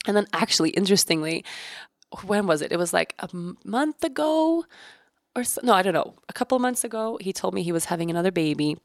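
A woman's voice: medium pitch, animated, quick pace, dry recording, clean studio sound. A woman in her thirties hosting a podcast, talking candidly about her family, swearing casually and often laughing. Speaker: podcast host. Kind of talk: personal reflective podcast monologue.

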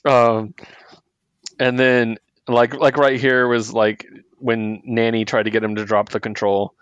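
A man's voice: mid-range voice, flat delivery, a little slow, a bit bright, smooth, no room sound, dull audio. Laughing man recapping comics. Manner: laughs often, acts out quoted characters. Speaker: podcast co-host. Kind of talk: casual comic book discussion.

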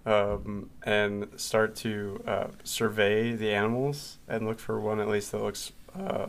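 A man's voice: on the low side, a bit bright. A man playing in a tabletop game, speaking hesitantly with many ums and laughs. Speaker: player.

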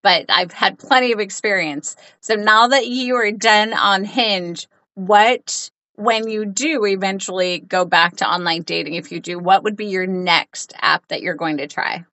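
Host: a bright-voiced woman asking easy questions, on a dry, somewhat muffled recording. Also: mid-range voice, unhurried, few pauses, no echo. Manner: brief, supportive interjections and relaxed questions. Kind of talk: casual interview.

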